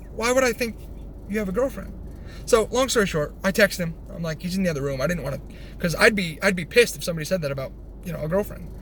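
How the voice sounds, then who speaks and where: A young man telling a rambling personal story, animated, swearing freely and restarting his sentences. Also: high voice. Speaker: vlogger. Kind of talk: casual storytelling. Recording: faint background noise.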